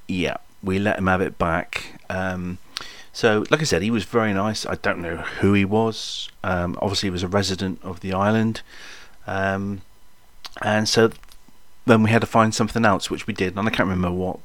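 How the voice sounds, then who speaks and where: Low-voiced, rambling man in his sixties. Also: steady tone, moderate pace, a bit bright, no room sound. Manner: rambling and jokey, with frequent ums and asides to listeners. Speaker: podcast storyteller. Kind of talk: casual spoken memoir.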